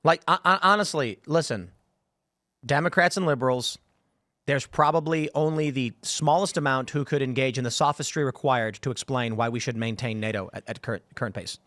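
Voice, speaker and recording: Fast-talking animated man, dry studio sound. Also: medium pitch, no room sound. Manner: animated storytelling, mimics others' voices. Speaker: podcast host. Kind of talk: casual political talk show chat.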